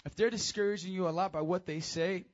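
In a muffled recording, a man serving as youth pastor preaches a casual, lively sermon to teenagers with call-and-response. He talks fast, keeping his intonation fairly even.

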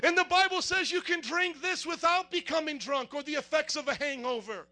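A male pastor with a strikingly high, bright and forceful voice preaches a sermon. He quizzes the congregation call-and-response style and works himself up into fervent shouting. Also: brisk.

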